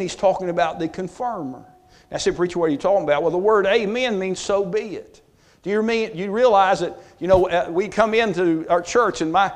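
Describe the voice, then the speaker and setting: A pastor teaching a Bible study sermon, restarting his phrases and building force on key points. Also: sits high.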